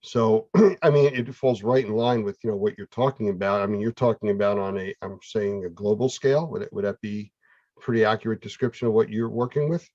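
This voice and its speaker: A man's voice: fairly low pitch, brisk, darkish tone, dry recording. A male host talking conversationally and explaining things in a casual online interview. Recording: dull, dry mic sound.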